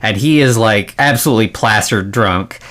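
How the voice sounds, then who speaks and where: A man's voice: fairly low pitch, normal speed, fairly bright tone. A man co-hosting a podcast, recapping an old movie in a rambling, casual way with lots of fillers and laughs. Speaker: podcast co-host.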